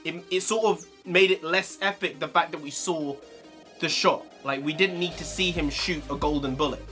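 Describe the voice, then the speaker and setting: A man's voice: moderate pace, pushed and bright, faint music behind. Ranting man. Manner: heated, swearing, big pitch swings. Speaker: video reviewer. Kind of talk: ranting review vlog.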